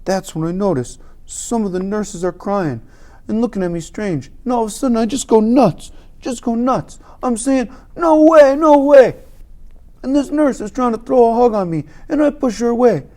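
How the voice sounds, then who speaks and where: An audiobook reader narrating a novel in the first person with real energy. The voice swings widely in pitch and pushes hard on the action. The tone stays mellow and dark. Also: normal speed. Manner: animated, emphatic storytelling.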